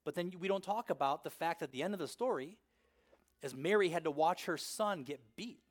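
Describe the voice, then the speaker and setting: A man preaching a sermon in a conversational way, peppering his points with "right?" and swinging between loud emphasis and hushed intensity. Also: a little high, animated, brisk. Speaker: pastor.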